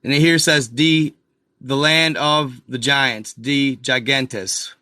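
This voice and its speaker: Slow-talking man with a bright, dry voice. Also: mid-range voice, fairly even intonation, dry recording. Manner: talks to viewers as "y'all", restarts often, frustrated asides. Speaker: video host. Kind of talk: casual screen-share commentary.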